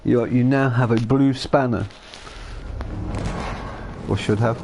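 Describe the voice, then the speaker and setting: A man's voice: mid-range voice, fairly even intonation, slow, vocal fry, background noise. A man giving casual, joking commentary while playing a game on a live stream. He swears often and mumbles past a cigar in his mouth.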